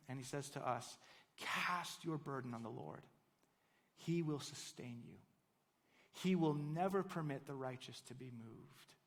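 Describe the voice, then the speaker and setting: A pastor preaching a sermon, telling a story earnestly and building to fervent emphasis. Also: male voice, on the high side, in a large hall.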